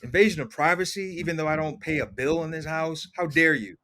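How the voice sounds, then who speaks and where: A man's voice: a little high, quick pace, a bit bright. A man co-hosting a podcast, making laid-back, wry asides in casual chat about a TV episode. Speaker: podcast co-host.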